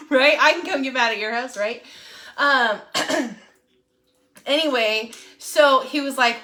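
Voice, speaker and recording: A woman tells a personal story in casual, animated chat. Her voice is bright and sits a little high. She keeps checking in with her listeners. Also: measured pace, long pauses. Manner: chatty, animated, keeps asking "right?". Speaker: real estate agent.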